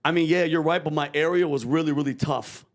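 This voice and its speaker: Guy doing high-voiced politician faking hood slang, bragging, "you feel me" nonstop. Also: steady tone, fast, natural voice. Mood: boastful. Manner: slangy, boastful, keeps asking "you feel me". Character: male politician faking street-tough slang. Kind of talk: comedy sketch.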